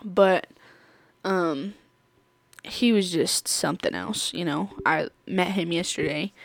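A woman's voice: lowish voice, slow, creaky, dry recording. Chatty woman telling stories on her podcast. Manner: chatty, rambling, laughs often. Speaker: podcast host. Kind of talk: casual storytelling chat.

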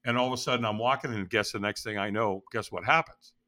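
A man telling a personal story as an interview guest, in an animated, dramatic way. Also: lowish voice, quick pace.

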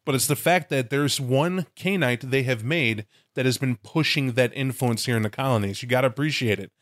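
A man's voice: mid-range voice, brisk, fairly bright tone, dry recording. A man co-hosting a casual podcast, telling tabletop game lore with enthusiasm and profanity. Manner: enthusiastic, emphatic storytelling with profanity. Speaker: podcast co-host.

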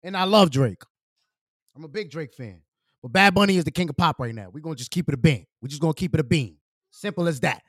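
Animated slangy man streaming. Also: on the high side, quick pace, no echo, clean studio sound. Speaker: livestream host. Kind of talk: casual livestream commentary.

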